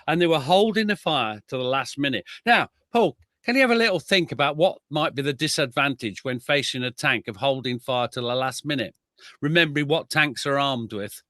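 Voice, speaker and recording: A man from Chesterfield, England, a military historian telling wartime stories in an animated, conversational way. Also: mid-range voice, a little fast, no room sound, clean studio sound. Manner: lively, reads veterans' accounts aloud with emphasis.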